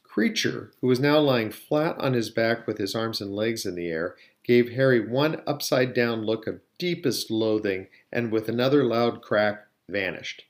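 A man narrating a novel aloud at a steady pace, with a few small slips on words. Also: lowish voice, moderate pace, hardly any pauses. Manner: steady, occasionally slipping on words. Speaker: audiobook reader. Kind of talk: storybook narration.

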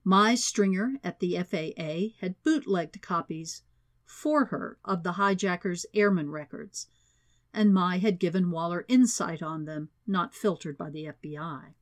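A woman reading a thriller audiobook as narrator, in a steady, even reading voice. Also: lowish voice, unhurried. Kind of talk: scripted narration.

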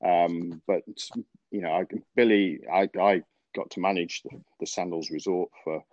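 Deep-voiced rambling podcast host. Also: male voice, fairly even intonation, a little slow, a little mellow, dry recording. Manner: rambling, many fillers and restarts, laughs often. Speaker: podcast host, golf coach. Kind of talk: casual podcast chat, storytelling. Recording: dry, dull lo-fi podcast audio.

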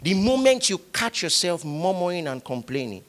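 A man's voice: sits high, normal speed. A male pastor preaching a sermon, leading the congregation in call-and-response. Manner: animated preaching, leads the congregation in repeating lines.

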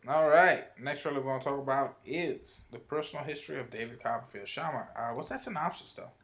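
A man's voice: mid-range voice, quick pace, fairly bright tone. A man hosting a casual movie talk show, leading segments with a teasing manner. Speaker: host. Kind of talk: casual chat.

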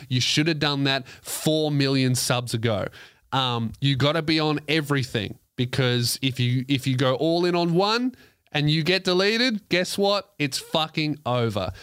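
A man's voice: a little high, a little slow, fairly bright tone, clean tone, no echo. A young man hosting a podcast on his own, chatting casually into a close mic with rambling asides and frequent swearing. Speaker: podcast host. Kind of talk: casual solo podcast chat.

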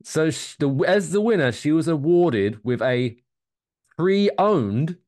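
A man's voice: a little high, expressive, slow pace, a little mellow, dry recording, studio quality. A man co-hosting a comedy podcast in casual chat, jokey and reading news stories aloud. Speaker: podcast co-host.

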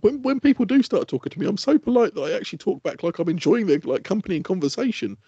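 Lively fast-talking man. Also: high voice, slightly rough, dry recording. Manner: animated, laughing, swearing freely. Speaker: podcast co-host. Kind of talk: casual chat. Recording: dull lo-fi sound.

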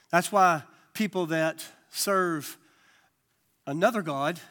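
Man, pastor, high voice, animated folksy sermon. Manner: animated preaching with folksy asides.

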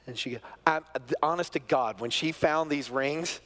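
Animated man preaching a sermon. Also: fairly high pitch, a little slow. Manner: animated storyteller, swings from hushed to near-shouting. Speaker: pastor.

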